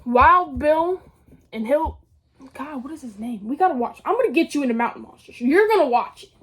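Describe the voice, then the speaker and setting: Lively young woman telling a story. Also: high-pitched, moderate pace. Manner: animated, slangy, says dude and swears. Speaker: vlogger. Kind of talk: casual storytelling.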